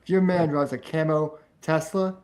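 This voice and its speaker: A man's voice: fairly high pitch, fairly even intonation, a loud crowd. A man in a casual podcast chat, tossing in joking quips and playful asides. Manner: joking, throws in quick wisecracks.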